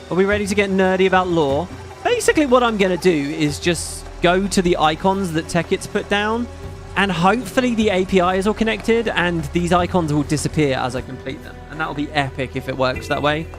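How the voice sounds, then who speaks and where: Excitable man rambling over gameplay. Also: high-pitched, fairly quick, soft background music. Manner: rambling, excitable, swears freely. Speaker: gaming YouTuber. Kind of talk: casual gameplay commentary.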